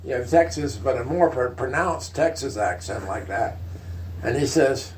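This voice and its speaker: A man's voice: mid-range voice, animated, normal speed, a little mellow, poor audio. An older man telling a family story casually, rambling with many fillers and laughing asides. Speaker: storyteller, uncle.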